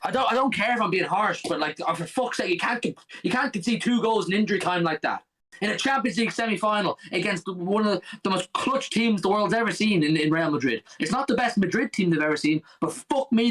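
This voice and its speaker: A man's voice: sits high, lively intonation, brisk, fairly bright tone, rough recording. A young man co-hosting a live football watch-along, ranting furiously and swearing constantly at his team.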